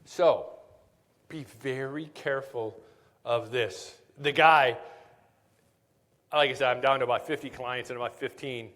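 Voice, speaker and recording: A man's voice: medium pitch, steady tone, measured pace, long pauses, fairly bright tone. A man presenting a live tax seminar at a conference, telling jokey stories and often checking in with "right?". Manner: jokey, storytelling, keeps asking "right?". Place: conference hall. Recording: reverberant conference hall.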